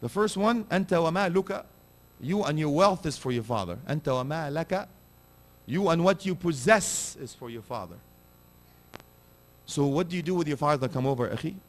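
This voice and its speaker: A man preaching a sermon, animated and direct, asking his listeners pointed rhetorical questions. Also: fairly high pitch, moderate pace.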